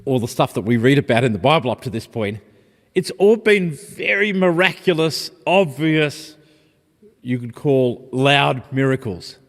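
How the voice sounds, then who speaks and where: A male preacher with a mid-range voice gives a reflective, gently paced sermon. He mixes warm personal confession with scripture. The sound carries a long church reverb. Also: mid-range voice, animated, unhurried.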